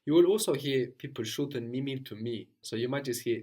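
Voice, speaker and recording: Male tutor, average pitch, patient and prompting, ends points with "no?". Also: a little fast, darkish tone. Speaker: language teacher. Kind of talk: guided language lesson.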